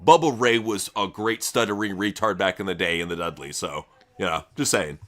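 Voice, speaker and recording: A man's voice: low-pitched, a little fast, a bit bright. A man co-hosting a casual live reaction chat, mocking and swearing freely. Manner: crude, mocking, profane. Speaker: host.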